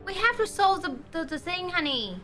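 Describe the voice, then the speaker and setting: High, teasing woman, sing-song and off-mic. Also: very animated, normal speed, sharp tone, soft background music. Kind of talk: playful casual chat.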